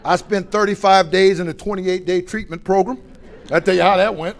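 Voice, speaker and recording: A middle-aged man from Ohio, giving a plain-spoken personal testimony at a recovery meeting, swinging between loud and quiet. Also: high-pitched, steady tone, fairly quick, a little hiss or hum. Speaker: recovery speaker.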